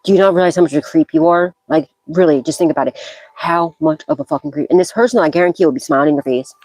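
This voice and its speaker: A woman's voice: deep voice, fast talker, a little mellow, no room sound, low-quality recording. A woman gives a psychic tarot reading as a loose, casual monologue. She is blunt and profane, scolding freely and breaking into bursts of laughter as she talks.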